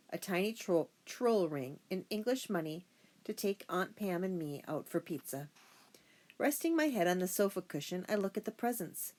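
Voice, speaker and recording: A woman narrating a first-person children's audiobook in a steady storytelling voice. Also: fairly low pitch.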